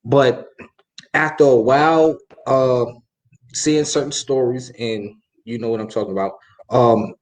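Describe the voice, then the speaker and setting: A podcast host in casual chat, asking hesitant, halting questions. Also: medium pitch, steady tone, darkish tone, low-quality recording.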